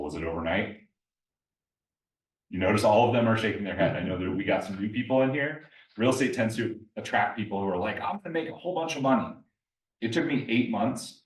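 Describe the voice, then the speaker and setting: A man giving a live presentation at an investor meetup, telling stories and putting questions to the audience. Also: sits low. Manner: storytelling, addresses the audience directly with questions. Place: meeting room with a live audience. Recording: echoey room, mic at a distance.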